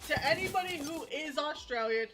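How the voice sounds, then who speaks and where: A woman's voice: high-pitched, lively intonation, brisk, music in the background. A woman chatting playfully with her husband on a gaming livestream, teasing and giggly. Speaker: host's wife, co-streamer. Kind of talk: casual live gameplay chat.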